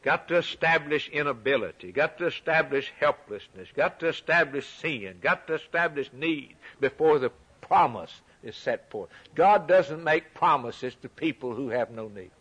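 A man preaching a sermon, emphatic and repetitive, rising loud for scripture and dropping quiet for key points. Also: fairly high pitch, lively intonation, moderate pace, breathy edge. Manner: emphatic, repeats phrases, swings from loud to quiet; reads scripture aloud in a raised voice.

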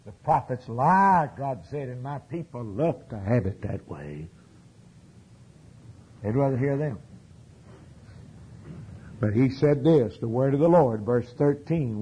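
A man preaching a fervent sermon, swinging from hushed lines to loud exclamations. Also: medium pitch, animated, measured pace, pauses often, breathy edge, rough recording.

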